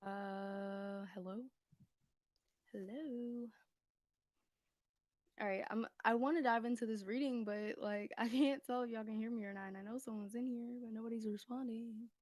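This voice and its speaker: This tarot reader's voice is on the high side and darkish, fairly quick with hardly any pauses and fairly even intonation, captured dry on a phone. Streaming live from an indoor room at home, she sounds a bit out of breath, rambles chattily, laughs a lot and repeatedly checks that she can be heard.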